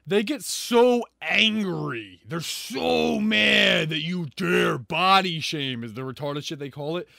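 A man's voice: sits high, takes it slowly, vocal fry, hardly any pauses, pushed and bright, dry recording, clean studio sound. A man ranting sarcastically and profanely as he reacts to a video. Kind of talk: ranting commentary.

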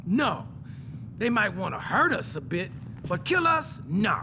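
Cocky gangster in a game, high gravelly voice, noisy game audio. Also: male voice, very animated, measured pace, full character voice. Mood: shifty. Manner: cocky, boastful, defensive. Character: brash hot-headed young male gangster. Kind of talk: video game cutscene acting.

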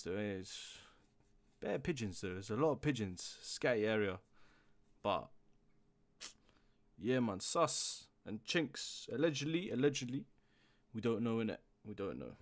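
Slang-heavy young man. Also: medium pitch. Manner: slang-heavy, breaks into loud hyped outbursts. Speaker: music reaction host. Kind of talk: casual reaction commentary.

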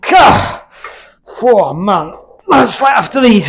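A man's voice: high-pitched, expressive, moderate pace, a little mellow. A British man chatting candidly between workout sets in his home gym, rambling and swearing freely. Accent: British English. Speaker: fitness YouTuber.

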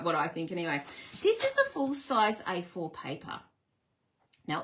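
An Australian woman hosting a live card-making demonstration, bubbly and chatty as she greets viewers and walks through each step. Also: fairly high pitch. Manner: bubbly, chatty and easily excited.

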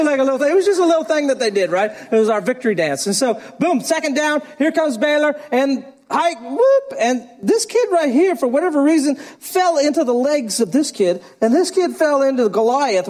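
A middle-aged male pastor preaching a sermon, telling a story in a lively way and often laughing. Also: very high-pitched.

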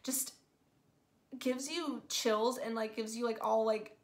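Woman host, fairly high voice, casual spoiler review, excitable and gushing, filler-heavy. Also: takes it slowly. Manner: gushing, excitable, says "like" constantly. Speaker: movie reviewer.

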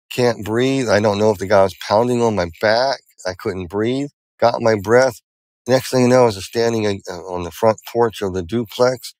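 Older guy, kinda low voice, earnest rambling story, dry close sound. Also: a little mellow, no echo, low-quality recording. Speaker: interview guest. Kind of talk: personal testimony in an interview.

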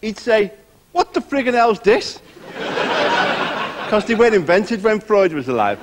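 Down-at-heel warm-up man, sing-song high voice, rambling and self-pitying. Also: sing-song, a little slow, very noisy. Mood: patter. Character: seedy middle-aged male warm-up comic, self-pitying, desperate. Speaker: warm-up comedian. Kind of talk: TV sketch comedy.

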